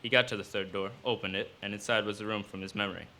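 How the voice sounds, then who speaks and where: A man reading his own fiction aloud at a live cafe event, in steady storytelling narration. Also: lowish voice, quick pace, a little hiss or hum.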